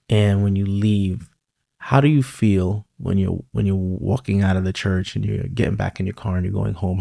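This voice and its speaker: A middle-aged man with a New York accent hosts a relaxed podcast conversation. His low voice carries a gravelly edge, and he tells stories with animated energy, tossing in frequent "you know"s. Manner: animated storyteller, many "you know what I mean". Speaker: podcast host. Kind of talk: casual conversational interview.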